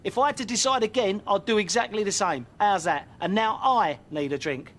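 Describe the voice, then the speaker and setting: A man's voice: high-pitched, fairly quick, fairly bright tone, slight background noise. An actor playing a blunt, sarcastic father who argues with his wife. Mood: defensive.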